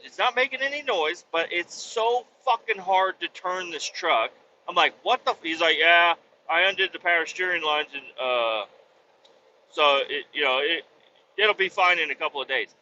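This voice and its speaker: Man, slightly high bright voice, profane ranting storyteller, lo-fi recording. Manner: heavy swearing, exasperated retelling. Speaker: podcast host. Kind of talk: casual storytelling rant. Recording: dull lo-fi audio with faint noise.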